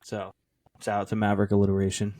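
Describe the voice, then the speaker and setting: A man's voice: on the low side, monotone, quick pace, dark tone, no room sound. A man co-hosting a casual sports podcast, joking and playful as he runs through his bets. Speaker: podcast co-host.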